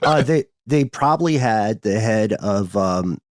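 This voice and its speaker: Low-voiced male podcast host. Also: animated, a little slow, no room sound, clean studio sound. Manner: conversational, explanatory, thinking aloud. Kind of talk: podcast conversation.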